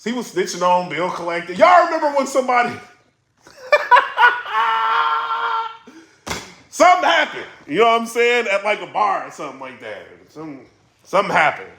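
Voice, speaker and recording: This is a man running his own commentary vlog, loose and slangy as he unpacks the latest drama for his viewers. His pitch sits a little high and leaps around freely. The room has a clear echo to it. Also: fast talker. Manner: slangy, animated storytelling. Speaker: battle rap blogger.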